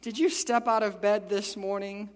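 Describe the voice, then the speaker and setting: Male pastor, high voice, lively sermon delivery, acts out the lines, long hall reverb. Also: moderate pace. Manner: animated, acts out quotes with big pitch jumps.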